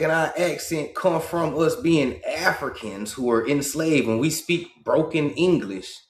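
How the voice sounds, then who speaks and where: A Southern-accented man from Georgia hosts a livestream, delivering an impassioned monologue. He's emphatic and profane, and his voice climbs to an excited high pitch when he gets worked up. The recording has a roomy echo.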